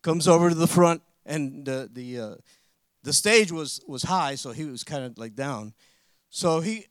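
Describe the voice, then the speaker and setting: A high-voiced preacher speaks at normal speed, recounting a story with animation that rises into powerful declarations. The audio is close-miked and dry, with hardly any room reverb.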